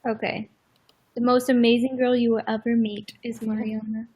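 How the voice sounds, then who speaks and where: A young woman chatting casually on a livestream with a friend, giggling and reading name definitions aloud in an animated way. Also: a little high, moderate pace, slight background noise.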